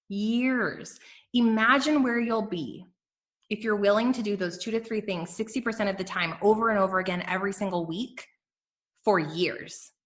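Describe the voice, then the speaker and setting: A woman hosting a business podcast, giving energetic, emphatic motivational talk straight to her listeners. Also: medium pitch. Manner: energetic, emphatic, addresses listeners as "you guys". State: emotional, near tears. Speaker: podcast host and business coach.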